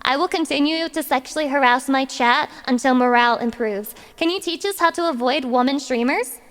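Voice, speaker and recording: A woman's voice: high voice, fairly quick, a bit bright, in a large hall. A woman streamer chatting casually with her audience, playful and dramatic, reading chat aloud and swearing freely.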